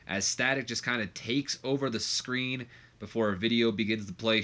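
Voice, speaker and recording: A man's voice: medium pitch, pushed and bright. A young man casually narrating a game, rambling with lots of fillers and restarts. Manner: rambling, many fillers and restarts, says like a lot. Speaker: let's play commentator.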